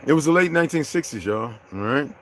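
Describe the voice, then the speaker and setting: Profane, confrontational man, slightly high voice. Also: lively intonation, fast talker, a little hiss or hum. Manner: confrontational, profane, swings from low muttering to loud outbursts. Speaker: vlogger addressing his viewers. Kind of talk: unscripted rant to camera.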